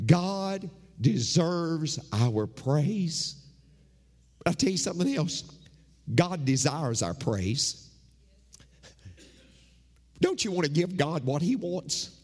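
A man's voice: on the high side, sing-song, takes it slowly, long pauses, a little mellow, slightly rough. A man preaching a sermon as pastor, emphatic and repeating his phrases for effect. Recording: long hall reverb.

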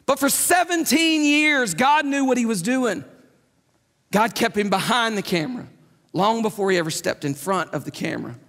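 A man's voice: very high voice, animated, moderate pace, fairly bright tone. A man preaching a sermon in an emphatic, conversational way, repeating his key points. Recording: long hall reverb.

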